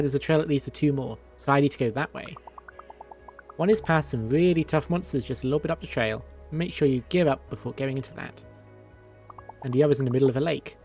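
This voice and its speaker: A man voicing a friendly village woman in a game, read quickly in his own plain voice. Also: fairly high pitch, darkish tone, close to an everyday voice.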